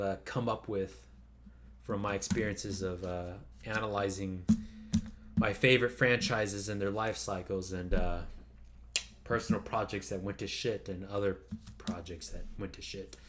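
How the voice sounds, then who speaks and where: Low-voiced rambling man. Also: fairly even intonation, moderate pace, noisy background. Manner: loose and profane, with many fillers and restarts. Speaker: vlogger. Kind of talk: rambling casual monologue.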